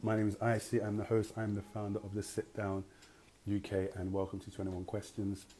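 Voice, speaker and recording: A man's voice: on the low side, completely flat delivery, a little fast, dark tone, slight background noise. A man hosting a live-streamed interview show, talking in an upbeat, chatty way with slang. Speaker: host.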